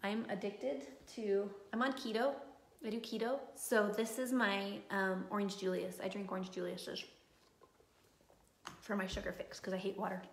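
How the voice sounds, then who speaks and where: A woman's voice: medium pitch, level tone, moderate pace, reverberant. A woman running a live online class, chatting, reading viewer comments and cheering students on in a gushing, motivational way. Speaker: online course instructor.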